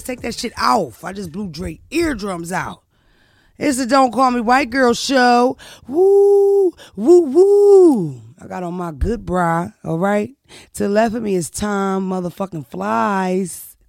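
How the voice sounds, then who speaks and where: A young woman from Philadelphia hosts a loose podcast chat, loud and brash with plenty of swearing. Her voice has a gravelly fry. The sound is dry and close. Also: mid-range voice, no echo. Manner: loud, brash, animated, profane. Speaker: podcast host. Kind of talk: casual chat.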